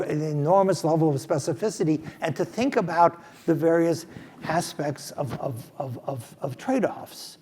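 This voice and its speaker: A man's voice: on the high side, measured pace, warm tone, in a large hall. An older man, a professor, speaking in a fireside chat, thoughtful and emphatic, often restarting his sentences. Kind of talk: fireside chat, answering a question. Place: stage at a business school event.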